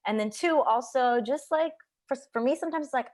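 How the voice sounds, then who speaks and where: A woman's voice: a little high, expressive, a little fast, a little mellow. A woman filmmaker on a video call panel, speaking thoughtfully, searching for words, with casual slang. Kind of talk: reflective panel talk.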